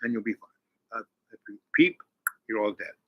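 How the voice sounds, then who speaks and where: A man retelling a film who quotes a ruthless armed woman, giving flat, threatening orders. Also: on the low side, moderate pace, no room sound, dull audio. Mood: cold menace. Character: cold ruthless woman with a gun.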